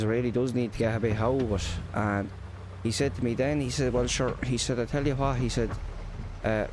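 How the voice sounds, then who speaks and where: A man's voice: lowish voice, noisy background. A man with an Irish accent narrating a farming roleplay in a chatty storytelling way, full of local slang. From Ireland. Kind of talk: casual in-character roleplay narration.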